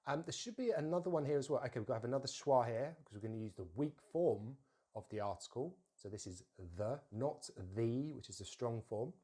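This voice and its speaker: A man gives an English pronunciation lesson in an even, middle-pitched voice. He guides the learner through each example, saying the model words slowly and deliberately before repeating them.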